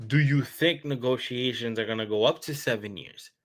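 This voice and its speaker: A man co-hosting a sports talk show who gets loud, swears and repeats himself as he argues his point. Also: mid-range voice, moderate pace. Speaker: podcast co-host.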